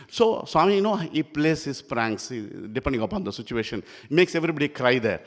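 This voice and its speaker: A man's voice: fairly high pitch, a little fast, hardly any pauses. Guy in his 60s giving a spiritual talk, acts out the dialogue, voice rings around a big hall. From India. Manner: animated storyteller, acts out dialogue. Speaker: spiritual speaker. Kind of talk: devotional talk with personal storytelling. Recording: long hall reverb.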